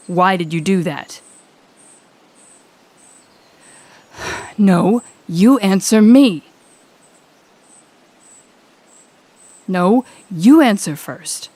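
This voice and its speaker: A woman's voice: mid-range voice, darkish tone, no room sound. A woman voicing a cold, sardonic female demon lord who talks in a curt, cutting, sarcastic way in an audio role-play. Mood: exasperated.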